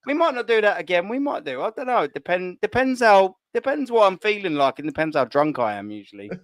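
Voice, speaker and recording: A man's voice: high-pitched, big pitch swings, a little fast, no echo. A man hosting a live fan chat, joking, laughing and swearing a lot. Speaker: live stream host.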